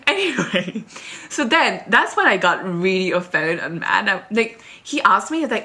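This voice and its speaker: Bright-voiced young woman rambling a storytime. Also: mid-range voice, normal speed, slightly rough. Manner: rambling, filler-heavy, animated retelling. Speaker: vlogger. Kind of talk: casual storytime chat to camera. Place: at home, moving between rooms.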